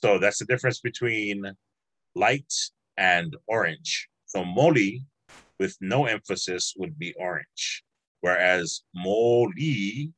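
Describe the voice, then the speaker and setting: A man's voice: low voice, fairly bright tone, dry recording, low-quality recording. A man teaching a language class over a video call, patient and encouraging, drawing out words as he explains.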